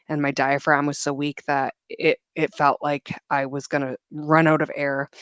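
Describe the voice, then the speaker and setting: A young woman giving an interview guest's emotional personal story, earnest and reflective, with halting restarts. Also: deep voice, dry recording.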